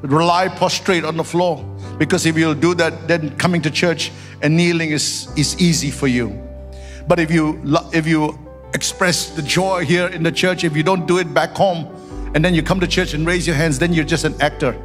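A pastor from Singapore preaches a sermon built on personal stories that rises into fervent prayer. His slightly high voice holds a steady tone at a normal speed, with faint music behind him and the long reverb of a church hall.

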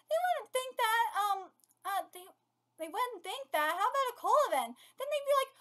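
Very high-pitched woman reacting to a manga. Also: big pitch swings, moderate pace. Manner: reads panels aloud, then breaks in with loud laughing exclamations; swears often in disbelief. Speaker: streamer reading a manga aloud. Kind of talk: live manga reading and reaction.

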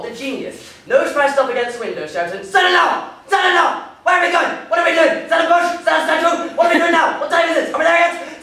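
A young actor playing a flustered, rambling bridegroom on a theatre stage, recorded from far off in an echoey room. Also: male voice, high-pitched, a bit bright, a little hiss or hum. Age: young adult. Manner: flustered, rambling, nervous laughs. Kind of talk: stage comedy performance.

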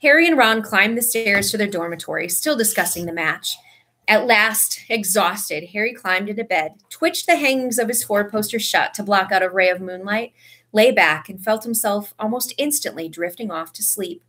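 A woman reading a story aloud with expressive narration. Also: medium pitch, moderate pace. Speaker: audiobook reader.

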